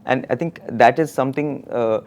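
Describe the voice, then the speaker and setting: A man telling a devotional story in a conversational discussion, quoting others and laughing softly. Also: mid-range voice, moderate pace. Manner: storytelling with quoted dialogue and soft laughs.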